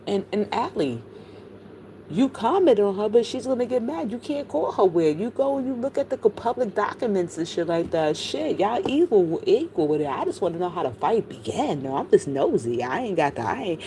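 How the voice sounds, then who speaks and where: A woman's voice: medium pitch, very animated, moderate pace, dark tone, a little hiss or hum, rough recording. Blunt, gossipy middle-aged woman streamer. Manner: blunt, gossipy, heavy profanity. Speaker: streamer commenting on online drama. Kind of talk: casual livestream chat.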